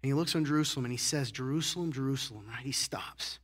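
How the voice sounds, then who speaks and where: A slightly rough, medium-pitched voice belongs to a pastor preaching fast in a church sanctuary. His sermon feels like a conversation, peppered with "right?", dropping to hushed asides and rising to loud emphasis.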